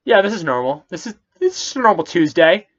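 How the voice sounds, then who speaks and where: A man's voice: fairly high pitch, big pitch swings, moderate pace, pushed and bright, slightly rough, muffled recording, pitched above the performer's own voice, heavily acted. A man putting on the voice of an ancient donkey owner who takes a talking donkey in stride, in a nonchalant, breezy way. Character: unbothered ancient man chatting with his donkey.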